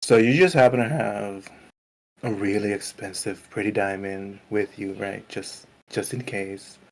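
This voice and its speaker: A man's voice: on the low side, steady tone, unhurried, a little hiss or hum, poor audio. A man playing a sarcastic, grumpy adventurer. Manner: mocking, sarcastic.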